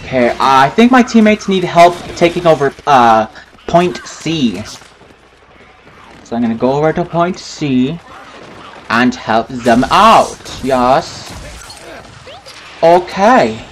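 A chatty man narrates his gameplay in a loose, wandering way, cursing at opponents as he goes. His voice sits a little on the high side. A faint hiss runs under the recording. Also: expressive, slow pace, long pauses, rough recording. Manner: rambling, chatty, swears at opponents. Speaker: gaming commentator. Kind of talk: casual gameplay commentary.

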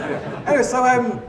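A man's voice: extremely high pitch, very noisy. A middle-aged man giving a comic live stage talk, rambling and self-mocking, full of fillers and restarts. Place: large theatre stage before a laughing audience. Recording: echoey live theatre sound from a distance.

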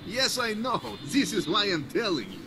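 Sly russian-accented bartender in a game, highish bouncy voice, music in the back. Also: male voice, wildly swooping pitch, a little slow, heavily acted. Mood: scheming. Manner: conspiratorial, clipped broken English. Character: scheming male Russian bartender, sly and friendly.

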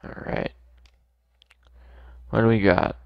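A man's voice: slow pace, dry recording, dull audio. A man playing a video game, casually commenting and joking as he goes. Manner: laid-back, joking, mutters to himself. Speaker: gamer. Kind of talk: let's play commentary.

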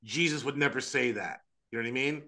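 Man, Orthodox priest, podcast host, earnest, animated, tense bright voice, restarts often. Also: medium pitch, quick pace. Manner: frequent restarts and "like", "right?". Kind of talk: casual religious discussion.

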